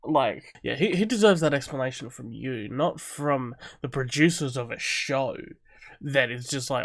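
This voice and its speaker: A man's voice: mid-range voice, moderate pace, creaky. A man giving casual, joking commentary as he reacts to a talk show clip. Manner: animated, joking, talks back to the clip. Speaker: reaction video host.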